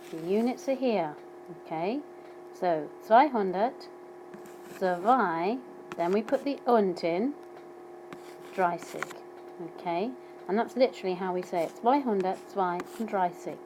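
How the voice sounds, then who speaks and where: A woman teaching a language lesson, explaining numbers patiently and saying them slowly for learners to repeat. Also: medium pitch, mellow, slight background noise, low-quality recording. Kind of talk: slow explanatory lesson narration.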